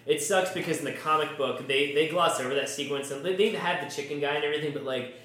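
Male co-host, quick, excited delivery, slightly high voice, very roomy sound. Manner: fast-talking, enthusiastic, frequent restarts. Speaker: podcast co-host. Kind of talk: casual chat. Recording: roomy echo.

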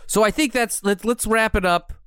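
A male podcast host talking casually, earnest and chatty, with a fairly high, smooth, clear voice. The sound is dry and close, with no room around it. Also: normal speed, fairly bright tone, no room sound. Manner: earnest, chatty, laughs often.

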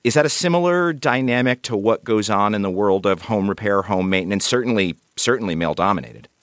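Low-voiced radio host man. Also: smooth, no echo, studio quality. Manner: measured, reads listener messages aloud. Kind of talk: public radio interview.

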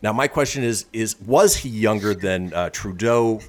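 A man's voice: lowish voice, normal speed. A man hosting a radio show, reading history items with wry asides. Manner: lively newsreader delivery with wry asides.

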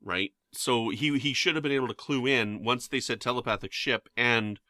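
A man's voice: mid-range voice, moderate pace, sharp tone, no room sound. A man from Canada co-hosting a casual podcast chat, joking and restarting his sentences. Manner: chatty, joking asides, many restarts. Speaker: podcast co-host.

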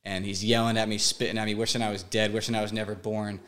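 A man in his twenties, a podcast guest, telling a painful personal story in a halting, emotional way, often repeating words. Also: lowish voice, flat delivery, a bit bright. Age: 20s.

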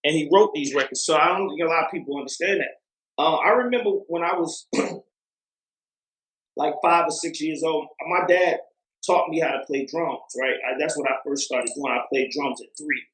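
Guy rambling casually in an interview, lots of um and like, voice a bit high, roomy echo. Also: moderate pace, a bit bright. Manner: rambling, many fillers and restarts. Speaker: music producer guest.

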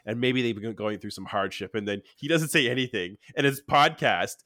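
A man's voice: medium pitch, brisk, dry recording, clean studio sound. A man co-hosting a podcast, telling rambling stories with lots of laughter in casual chat. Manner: animated, rambling storytelling with frequent laughs. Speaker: podcast co-host.

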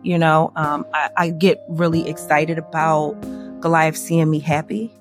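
A woman guest on a podcast, telling her story in candid conversation and acting out quoted lines in a higher voice. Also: a little slow, over music. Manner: animated, acts out quoted dialogue in a higher voice.

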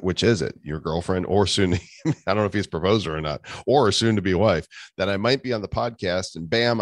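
A man's voice: low voice, no echo. A man co-hosting a podcast in casual chat, reading listener reviews aloud with dry, chuckling humor. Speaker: podcast co-host. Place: living in Puerto Rico.

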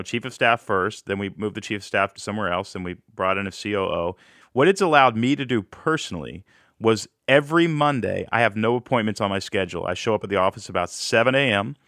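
A man's voice: on the low side, fairly bright tone, dry recording. A man hosting a podcast, talking in an enthusiastic, conversational way into a close mic. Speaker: podcast host. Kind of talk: podcast interview and wrap-up.

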